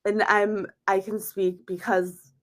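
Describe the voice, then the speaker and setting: An upbeat woman with a Wisconsin accent talks on a video call, earnest and eager, repeating words as she goes. Her pitch sits in the middle of the range. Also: flat delivery, takes it slowly. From United States. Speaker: teacher and course member. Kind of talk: casual video call chat.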